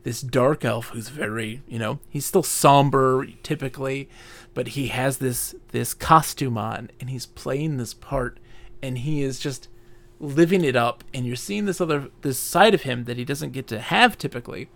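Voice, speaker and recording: A man co-hosting a podcast, casually retelling a fantasy novel in an animated way with many fillers. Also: mid-range voice, normal speed, creaky. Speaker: podcast co-host. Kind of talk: casual book discussion.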